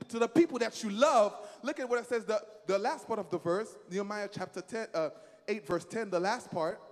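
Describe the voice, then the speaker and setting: A man's voice: high voice, fairly quick, in a large hall. A man preaching a sermon to a church congregation, emphatic and repetitive, leading the crowd in call-and-response.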